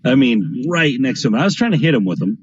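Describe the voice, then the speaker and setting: Very animated and fast, a man with a medium-pitched voice and a breathy edge rambles through casual stories as a guest on a craps stream, regularly asking "right?". The lo-fi stream audio has no echo.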